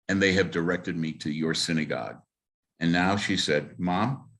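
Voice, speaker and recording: A man speaking as a rabbi, telling stories to a congregation with lively acted-out dialogue and frequent filler words. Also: low voice, normal speed. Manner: animated storyteller who acts out quoted dialogue, with frequent fillers. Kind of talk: storytelling talk to a congregation.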